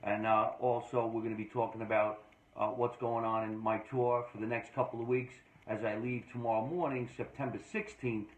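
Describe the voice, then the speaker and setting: A man from New Jersey hosting a casual podcast chat, energetic and joking with emphatic delivery. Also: medium pitch, normal speed. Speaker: podcast host. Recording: echoey room, dull lo-fi sound.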